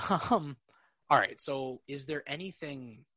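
A man's voice: medium pitch, slow, pushed and bright, no room sound. A young man hosting a podcast in casual chat, rambling, laughing often and swearing freely. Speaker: podcast host.

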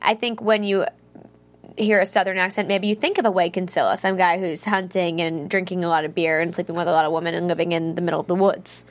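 A woman's voice: lowish voice, flat delivery, fast talker. A woman in a casual chat about a TV show who reflects and explains her view at length.

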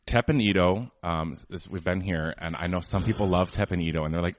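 A man's voice: low voice, a little fast, a little hiss or hum. A man co-hosting a podcast, chatting casually and giving opinions, with lots of fillers. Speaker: podcast co-host. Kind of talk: casual chat.

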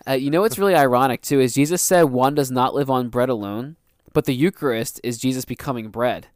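A man telling stories on a casual faith podcast, earnest and quick to laugh. His voice is smooth and resonant, sitting at an ordinary pitch. The sound is close and dry. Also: dry recording. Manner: earnest storytelling, laughs often. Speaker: podcast co-host and youth minister.

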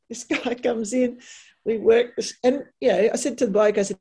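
An Australian woman, a podcast guest, telling lively stories in a casual way and acting out the quotes. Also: fairly high pitch, moderate pace, husky. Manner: animated yarn-spinning, acts out quotes. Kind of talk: casual storytelling.

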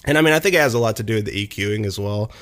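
A man's voice: lowish voice, racing, a bit bright. A young man in casual conversation, talking at length about music production, with lots of fillers and restarts. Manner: rambling, many fillers and restarts.

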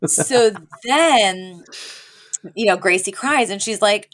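A woman co-hosting a podcast, recapping a sitcom episode in casual chat and acting out the characters' lines. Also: normal speed. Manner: animated, acts out characters' lines with pitch jumps. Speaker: podcast co-host.

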